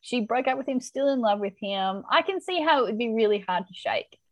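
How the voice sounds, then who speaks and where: A woman's voice: a little high, lively intonation, fairly quick, no room sound, poor audio. A woman co-hosting a casual chat, animatedly retelling a TV episode and reacting with laughs. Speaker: podcast co-host recapping a TV episode.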